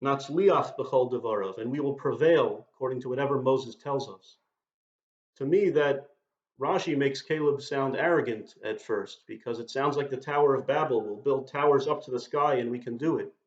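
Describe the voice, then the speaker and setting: A man giving a sermon, explaining Hebrew words and verses in a measured, teaching manner. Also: mid-range voice. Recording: dull, roomy recording.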